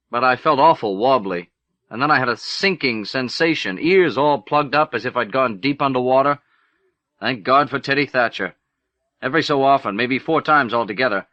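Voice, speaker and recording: A man's voice: medium pitch, no echo. A man reading a short story aloud in the first person, with a wry, plainspoken storytelling manner, on an old cassette recording. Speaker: audiobook narrator. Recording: dull, lo-fi 1980s cassette recording.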